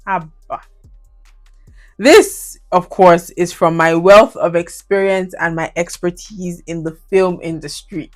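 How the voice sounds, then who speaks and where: Chatty Nigerian woman with a low voice. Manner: chatty, laughs often, slips into Nigerian Pidgin. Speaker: YouTube movie reviewer. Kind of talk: casual commentary on her old reviews.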